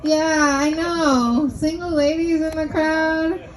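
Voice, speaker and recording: High-voiced woman hosting comedy night, bouncy pitch, takes her time, ribbing the crowd. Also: fairly even intonation, slow pace, low-quality recording. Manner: loose, teasing crowd banter. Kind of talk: stand-up emcee banter. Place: restaurant comedy night, indoors.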